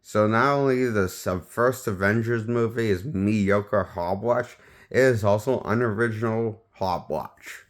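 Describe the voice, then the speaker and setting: A man with a fairly low voice talks through a film review in a loose, unscripted way. He often breaks off and restarts his sentences as he goes. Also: measured pace. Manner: rambling, restarts sentences, offhand opinions. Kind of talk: casual spoken movie review.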